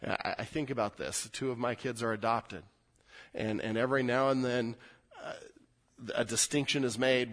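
A middle-aged pastor preaches a sermon, shifting from loud, emphatic scripture reading to quiet, intimate asides, and he often repeats words as he restarts. His voice is mid-range with fairly even intonation at a moderate pace.

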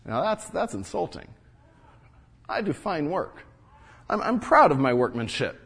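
This heavily acted performance has a man speaking on the high side in a sing-song, unhurried way, with vocal fry and a slightly bright yet husky tone. He plays an earnest, indignant wall-builder and father from ancient Jerusalem, recounting events in the first person in a biblical character monologue while tripping over repeated words.

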